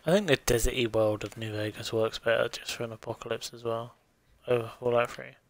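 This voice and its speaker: Gravelly man streaming a game. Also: medium pitch, steady tone, a little fast. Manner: swears casually, thinks aloud. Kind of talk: casual gameplay commentary.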